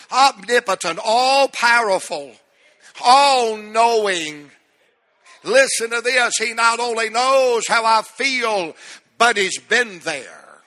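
A middle-aged man preaching an emotional sermon as pastor in a church, with a drawn-out cadence that swells. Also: high voice, sharp tone. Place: church sanctuary. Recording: long hall reverb.

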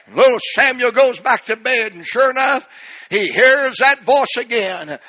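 A middle-aged man preaching a fervent sermon, swinging between shouted lines and hushed ones. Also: very high voice, lively intonation, moderate pace. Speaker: pastor.

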